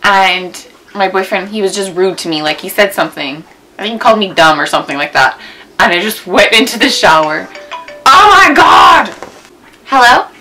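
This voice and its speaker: A young woman in her twenties, a beauty vlogger, rambles casually at home in a chatty tag video, full of "like" and "um." Recorded on a camera mic with poor audio and faint music behind, her lowish voice is fairly quick, pushed and bright.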